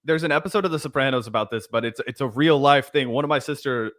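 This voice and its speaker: Male co-host, mid pitch, sarcastic, deadpan jokes, casual chat. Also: fast talker. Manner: sarcastic, deadpan mock voices. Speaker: podcast co-host.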